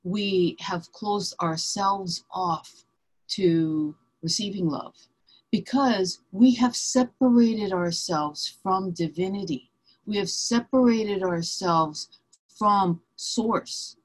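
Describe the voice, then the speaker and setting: A woman spiritual teacher explaining her ideas in a calm, meditative way during a reflective conversation. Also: mid-range voice, slow pace, breathy edge.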